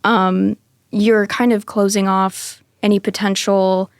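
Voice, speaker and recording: A woman with a gravelly, fry-heavy voice talks on a podcast, working through her point hesitantly with lots of fillers. The sound is dry and close to the mic. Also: mid-range voice, flat delivery, slow pace, dry recording. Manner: hesitant, with many "um" and "I mean". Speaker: podcast guest. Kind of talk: casual podcast chat.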